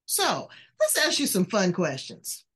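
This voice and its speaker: A woman's voice: mid-range voice, wildly swooping pitch, unhurried, fairly bright tone, slightly rough. An older woman hosting a talk show, chatting in a frank, folksy way with casual swearing. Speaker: host. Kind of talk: casual interview chat.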